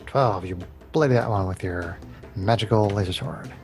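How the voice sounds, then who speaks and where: A man's voice: lowish voice, moderate pace, a little mellow, faint music behind. A man running a tabletop game as game master over a video call, calling out hits and damage and often chuckling. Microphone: video call headset or desk mic.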